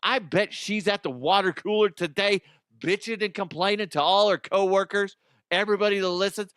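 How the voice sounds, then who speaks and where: Profane, rambling middle-aged radio host. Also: male voice, high-pitched, steady tone, moderate pace, a bit bright, clean tone, dry recording, studio quality. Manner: profane, self-deprecating, rambling. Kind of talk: casual comedic talk radio monologue.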